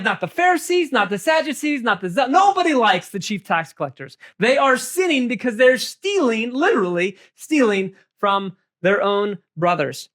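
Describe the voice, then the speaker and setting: A man leading a Bible study group, animated and joking, asking the room questions. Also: very high-pitched.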